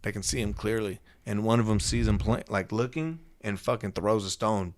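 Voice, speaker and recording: Young male podcast host, low pitch, dry close mic, profane slangy storyteller. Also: normal speed, hardly any pauses, no echo. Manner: profane, slangy, animated retelling. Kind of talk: casual storytelling.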